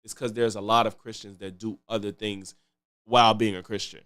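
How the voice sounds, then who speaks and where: A man's voice: on the low side, level tone, fairly quick, fairly bright tone, smooth. A man commenting casually on a live stream, loose and chatty, repeating himself and thanking viewers. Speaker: streamer reacting to clips.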